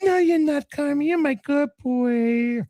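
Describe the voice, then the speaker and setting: A man's voice: extremely high pitch, unhurried, mellow, soft background music, voice pushed up. A man voicing a doting mother with an Italian accent who fusses over her grown son in a sing-song way. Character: doting mother, fussing and sweetly soothing.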